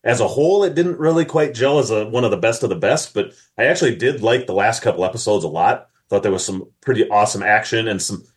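A man's voice: on the low side, lively intonation, fast talker, few pauses. A man from Minnesota co-hosting a podcast, chatting casually and rambling with many restarts. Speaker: podcast co-host. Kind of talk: casual chat.

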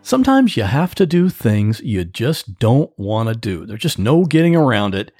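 A man's voice: medium pitch, big pitch swings, normal speed, darkish tone, soft background music. A man hosting his own podcast about computers, talking in a chatty, folksy, plain-spoken way from his home office. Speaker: podcast host, computer repair tech. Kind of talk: solo podcast monologue.

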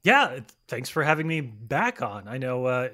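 A man's voice: medium pitch, sing-song, normal speed, pushed and bright. A man who is a film critic, a guest on a podcast in casual chat, with dry, self-deprecating humor.

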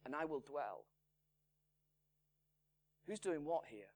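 A pastor delivers a sermon in a fairly high male voice. He speaks slowly and deliberately. His volume rises to strong emphasis and then sinks to hushed, quiet phrases. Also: expressive. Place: church in Salford.

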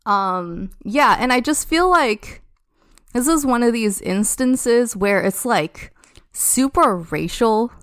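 A woman's voice: fairly high pitch, lively intonation, slow pace, clean tone, dry recording, studio quality. A young woman casually telling a story on a podcast, chatty and full of "like". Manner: chatty, heavy use of "like" as a filler. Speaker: podcast guest.

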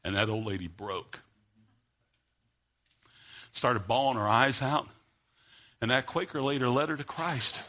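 Bright-voiced man preaching a sermon. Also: mid-range voice, measured pace, long pauses. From United States. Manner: builds from quiet storytelling to loud, fervent preaching. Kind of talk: sermon with storytelling.

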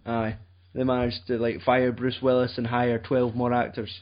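A young Scottish man hosting a casual film review chat, rambling and swearing in a deadpan way. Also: medium pitch, normal speed, muffled recording. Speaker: podcast host.

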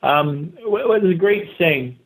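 A man talking as a guest in an interview, energetic and motivational, speaking in quick bursts and acting out the voices of the people he quotes. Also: on the high side, slightly rough, low-quality recording. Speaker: real estate agent and guest. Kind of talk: casual interview talk.

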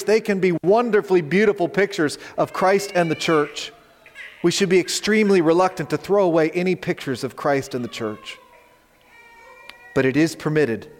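A man delivers a sermon from the pulpit, reading scripture aloud and unpacking it verse by verse. His voice sits a little high for a man. A long reverb from the church hall trails after each phrase. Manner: expository preaching, reading scripture aloud and explaining it. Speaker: pastor. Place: church sanctuary.

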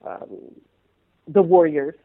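A woman telling a personal story in an interview, animated and acting out scenes in changing voices. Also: low voice, takes it slowly. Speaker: interview guest, former pro dancer. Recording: tinny phone-like line.

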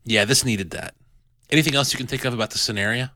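Bright, dry-voiced man hosting a chat. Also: mid-range voice, quick pace, dry recording. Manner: animated, self-deprecating, many restarts. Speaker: podcast host reviewing an adventure. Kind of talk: casual chat.

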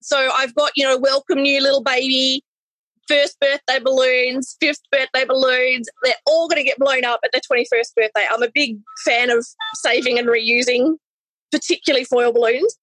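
A chatty woman, a balloon artist, telling a story casually with animated self-corrections. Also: high voice, normal speed, no room sound, rough recording.

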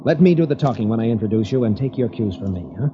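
An actor playing a worried, earnest cousin in a 1940s radio drama, speaking urgently. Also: male voice, medium pitch, expressive, quick pace, natural voice. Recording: hissy, dull old radio recording.

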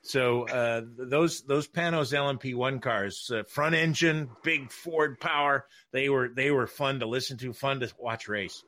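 A man, a racing broadcaster, telling stories in a casual panel chat, halting with frequent restarts and laughter. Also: medium pitch, pushed and bright.

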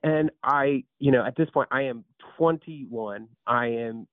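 A man's voice: mid-range voice, measured pace, no echo. Man in his thirties on a tinny line. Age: 30s. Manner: restarts a lot, repeats words, animated. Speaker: guest, company founder. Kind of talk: casual storytelling interview. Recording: tinny phone-like line, dry.

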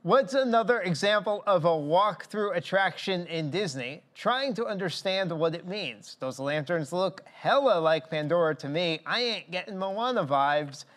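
A man's voice: sits high, animated, a bit bright. A man hosting a casual podcast, reading news items and listener comments with dry jokes. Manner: dry, quick jokey asides. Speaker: podcast host.

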